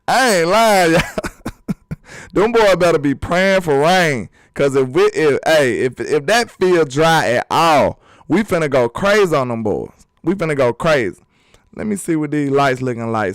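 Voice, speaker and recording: A man hosting a casual sports talk vlog, animated and emphatic, full of rhetorical questions. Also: on the high side, measured pace, no echo. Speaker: sports channel host.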